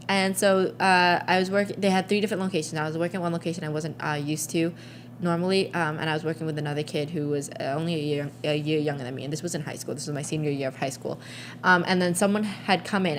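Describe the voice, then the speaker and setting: Rambling young woman with a low voice. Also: steady tone, quick pace, a little hiss or hum. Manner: rambling storyteller, many fillers and restarts. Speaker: podcast co-host. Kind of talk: casual chat.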